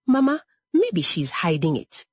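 A woman's voice: on the low side, wildly swooping pitch, unhurried, breathy edge, dry recording, heavily acted. Woman voicing a sneering greedy stepsibling. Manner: sneering, scheming. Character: greedy mocking young stepsibling.

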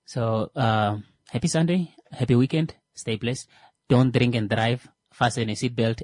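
A male radio show host, talking casually and joking, with many "uh" fillers and pauses as he searches for words. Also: medium pitch, dry recording. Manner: hesitant, heavy on "uh" fillers, joking asides. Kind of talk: casual radio talk with jokes.

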